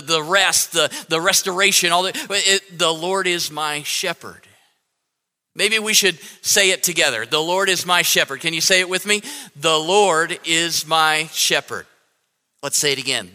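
A man preaching a sermon as pastor, repeating phrases with halting restarts and emphatic lists. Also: fairly high pitch, sharp tone, long reverb tail.

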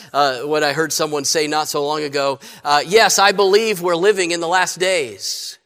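A man's voice: high-pitched, fairly bright tone. A man preaching a sermon as pastor, plain-spoken, with many fillers and repeated starts. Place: church sanctuary. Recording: long church reverb.

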